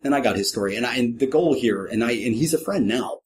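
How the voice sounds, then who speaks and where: A man's voice: fast talker, slightly rough. A middle-aged man, a professional clown, guesting on a podcast and telling a story with wry, self-deprecating humor, jumping into quoted voices. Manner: lively, acts out quoted voices with big pitch jumps. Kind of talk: animated anecdotal storytelling.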